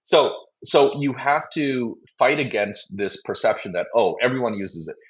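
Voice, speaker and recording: A man's voice: medium pitch, lively intonation, measured pace, lo-fi sound. A man, a company CEO, answering interview questions at length, rambling and acting out voices he quotes. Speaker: biotech company CEO, guest.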